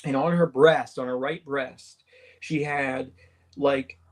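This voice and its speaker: A man's voice: mid-range voice, steady tone, takes it slowly. A man, a radio show guest, telling a story casually and acting out the dialogue, with many restarts.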